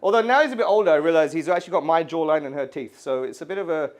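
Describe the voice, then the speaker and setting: A man in his thirties from the UK doing an animated stand-up set in a gallery, acting out voices and screaming kids. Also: a little high, very fast. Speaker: stand-up comedian. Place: art gallery before a live audience. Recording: live room with audience laughter.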